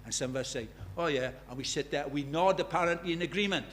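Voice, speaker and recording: An older man preaching an evangelistic sermon, impassioned, dropping to a hush and then rising loud. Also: fairly high pitch, quick pace, slight background noise. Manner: impassioned, swings from hushed to loud.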